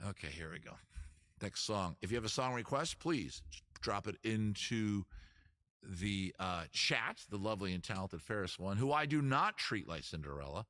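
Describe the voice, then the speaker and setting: A man's voice: fairly low pitch, expressive, normal speed, pushed and bright, dry recording. A man hosting a casual live-stream at home outdoors, joking and rambling in a self-mocking way. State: out of breath. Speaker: livestream host, musician. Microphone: camera mic, moves away from it.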